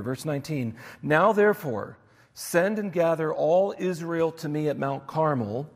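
A man delivers an expository sermon, reading scripture aloud and pressing home each point. His voice sits a little high for a man. A long reverb trails his words through a large church hall. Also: darkish tone. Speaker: pastor.

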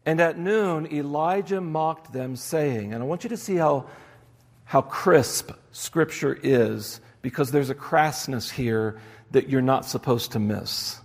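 A man's voice: fairly high pitch, slow pace, big-room sound. A man preaching a sermon, reading scripture aloud and stressing its key points. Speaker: pastor.

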